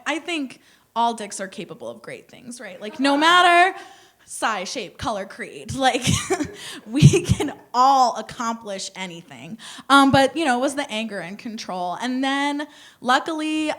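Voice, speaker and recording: A young woman performing a stand-up comedy set on a theater stage, animated and laughing at her own jokes. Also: on the high side.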